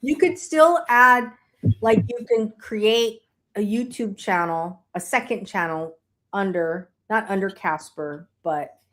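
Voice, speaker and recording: Woman livestream host on a video call, supportive, quick friendly affirmations. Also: medium pitch, fairly bright tone. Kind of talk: casual livestream chat.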